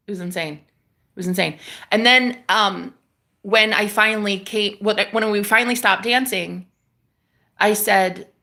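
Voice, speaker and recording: With a medium-pitched, creaky voice and a sharp tone, this vlogger recounts her own spiritual experience to the camera. The retelling is emotional and intense, full of restarts and occasional swearing.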